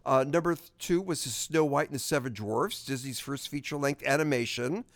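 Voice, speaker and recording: A man's voice: medium pitch, fairly quick, no echo. A man co-hosting a podcast in casual chat, joking and rambling as he reads a listener's email. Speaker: podcast co-host.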